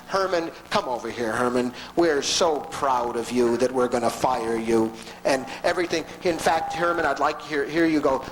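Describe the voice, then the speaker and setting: A man's voice: mid-range voice, a bit bright, a little hiss or hum, close to an everyday voice, rough recording. A man mockingly voicing a pompous male executive who gives a falsely formal farewell speech. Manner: mock-formal, sarcastic speechmaking.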